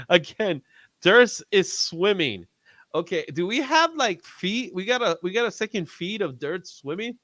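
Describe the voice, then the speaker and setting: A man hosting a casual livestream chat about comics, animated and often laughing. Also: sits high, unhurried, no room sound. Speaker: host.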